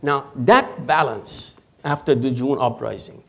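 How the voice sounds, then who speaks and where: Man, panel expert, lecturing, measured, dry humor, mid-pitched voice. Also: gravelly, husky. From Iran. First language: Persian. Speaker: panel guest, Iran expert. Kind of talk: panel discussion answer. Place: auditorium with audience.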